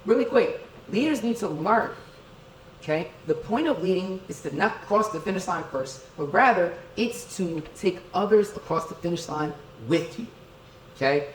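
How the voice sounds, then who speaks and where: In the same echoey event hall with tables and chairs, the middle-aged keynote speaker is heard from a distance, his high voice at normal speed with slight background noise. Full of energy, he leads the crowd through dance counts, asks them to respond and keeps checking "okay?".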